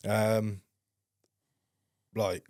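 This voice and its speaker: A man with a fairly low voice tells a story as a podcast guest, blunt and casual and swearing all the time. His voice is close and dry, with no room sound. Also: level tone, drawn-out words, darkish tone, no echo.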